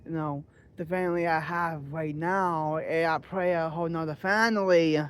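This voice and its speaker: A man talking in a personal reflective vlog, halting and earnest, searching for his words. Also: high-pitched, a little mellow. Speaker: vlogger.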